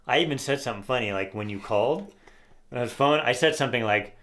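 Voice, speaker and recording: A man's voice: medium pitch, fast, a bit bright. A middle-aged man co-hosts a casual political talk show in an opinionated tone. His voice sits at an average height, and he reads quotes aloud with a sarcastic edge. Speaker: podcast co-host.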